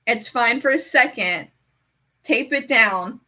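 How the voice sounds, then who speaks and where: Woman streamer, casual animated chat, bright tone, slightly high voice. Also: slow pace. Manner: chatty, heavy use of "like"; animated storyteller.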